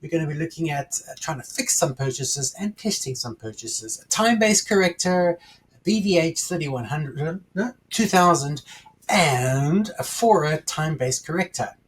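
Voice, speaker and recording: A man's voice: a little high, lively intonation, normal speed, slightly rough. A man hosting his own channel in a casual chat to camera, rambling and jokey, often correcting himself mid-sentence. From United Kingdom. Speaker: channel host.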